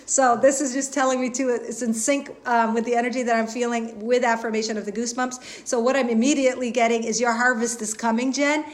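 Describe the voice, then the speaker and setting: Woman host, slightly high voice, earnest and halting, live spiritual reading to viewers. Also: steady tone. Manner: earnest, repetitive, halting with fillers and restarts. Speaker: intuitive reader and host.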